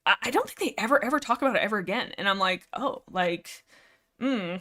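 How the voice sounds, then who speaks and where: A young woman from Canada hosting a casual livestream chat about books, rambling and animated, reading chat aloud. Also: mid-range voice, a little fast. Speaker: livestream host.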